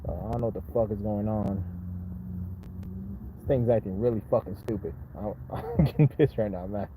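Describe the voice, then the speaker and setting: A man's voice: on the low side, moderate pace, noisy background. A man hosting a casual live chat from his phone, talking straight to his viewers with a lot of swearing. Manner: profane, frustrated then hyped, addresses viewers directly. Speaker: livestream host. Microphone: phone held in hand.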